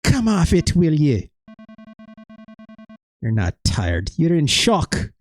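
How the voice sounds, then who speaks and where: A man's voice: fairly high pitch, wildly swooping pitch, slow pace, no echo, soft background music, full character voice. A man voicing a veteran male wrestler in a put-on Irish accent that slides into Scottish, reading game dialogue with exaggeration. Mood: gruff. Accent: put-on Irish drifting into Scottish. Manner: exaggerated, self-mocking read of game dialogue.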